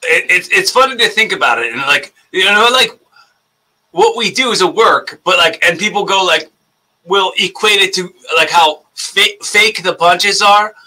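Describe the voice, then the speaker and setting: A man in his thirties, a guest on a casual podcast, with a high, very bright voice that swings widely in pitch. He rambles, laughs and pokes fun at himself as he talks. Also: animated, moderate pace, low-quality recording. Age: 30s. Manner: rambling, laughing, self-mocking. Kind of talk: casual interview chat.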